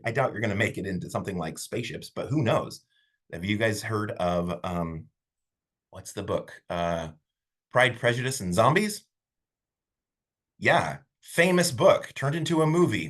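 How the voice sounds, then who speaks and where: A man teaching a public speaking class online in a casual, animated way, rambling a little with fillers, over a computer mic. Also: mid-range voice, breathy edge. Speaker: college instructor.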